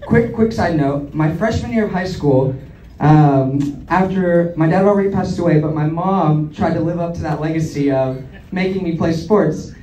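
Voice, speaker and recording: Telling self-deprecating stories on a club stage, this stand-up in his twenties is an animated performer with a slightly high voice and moderate pace. The distant, echoey recording carries a little hiss or hum and audience laughter.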